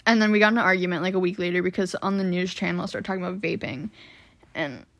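A woman's voice: lowish voice, fast, a bit bright. Young woman rambling through a story. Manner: rambling storytelling with lots of "like" and swearing. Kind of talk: casual chat.

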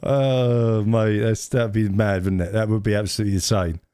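A man co-hosting a podcast, chatting casually, animated and laughing often as he reacts. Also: lowish voice, moderate pace, smooth, no echo, studio quality. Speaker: podcast co-host. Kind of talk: casual chat.

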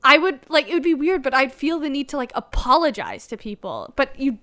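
A young woman co-hosting a casual chat, animated and full of "like" fillers. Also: sits high, brisk. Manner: animated, frequent "like", laughs often. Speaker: co-host.

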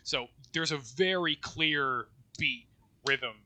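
Male co-host with a bright, sharp timbre; loose, rambling conversational delivery. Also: on the high side, slow. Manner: loose and rambling, with restarts and swearing. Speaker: podcast co-host. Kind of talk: casual discussion of poetry.

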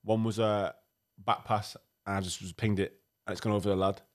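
A young goalkeeper coach talks quickly in a loose, rambling way on a podcast. His voice is on the low side, and he laughs readily between his points. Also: level tone. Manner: chatty, laughs easily, rambling. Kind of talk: casual banter.

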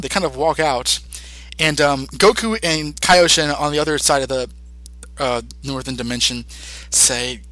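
Animated podcast man, bright dry voice. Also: on the high side, no room sound, rough recording. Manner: animated, acts out character lines in quick put-on voices. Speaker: podcast co-host. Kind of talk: casual episode recap.

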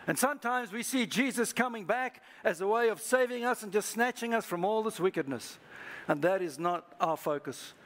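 At a church service, a man preaches a sermon as pastor to a live congregation, prompting listeners to repeat phrases back to one another. His voice is high, expressive and fairly bright, at normal speed.

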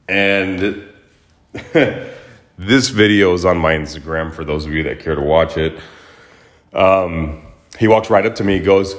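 A man with a low, deep voice tells a personal story on his podcast in a loose, casual monologue. He rambles, restarts and leans on fillers, and he gets animated when he acts out the action. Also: moderate pace. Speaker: podcast host.

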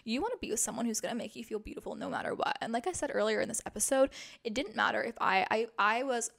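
A woman's voice: on the high side, lively intonation, quick pace, gravelly, fairly bright tone. A young woman hosting a podcast, talking in a chatty, emphatic way, full of "like" fillers. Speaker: podcast host. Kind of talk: casual podcast monologue.

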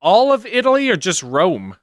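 Bright-voiced bantering male co-host. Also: sits high, wildly swooping pitch, no room sound, studio quality. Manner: quick laughing banter. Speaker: podcast co-host. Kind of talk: casual comedic chat.

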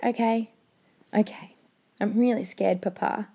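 A woman's voice: mid-range voice, steady tone, unhurried, dark tone, breathy edge. A woman voicing a frightened young boy who pleads with his dying father while she reads a novel aloud to a class. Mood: pleading. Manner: small, pleading and fearful.

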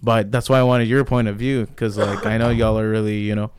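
Young guy, smooth clear voice, dry close sound, rambling a bit. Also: fairly low pitch, level tone, a little fast, no room sound. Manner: rambling, hedging with fillers. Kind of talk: casual chat.

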